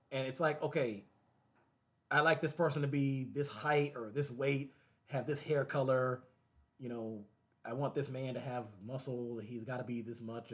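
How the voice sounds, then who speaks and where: A man hosting his own show, talking casually and animatedly to the camera, repeating phrases and breaking into laughter. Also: medium pitch. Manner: animated, repetitive, laughing asides. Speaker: show host.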